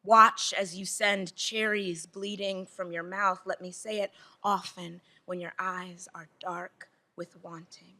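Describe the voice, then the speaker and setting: A woman reads her poetry aloud in a clear, bright voice. She speaks into a microphone, with a rhythmic, repeating cadence. Her lines hold a gentle, lyrical pull. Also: lowish voice, fairly even intonation, slow. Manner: rhythmic, repetitive recitation; casual, rambling asides. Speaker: poet. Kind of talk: poetry reading.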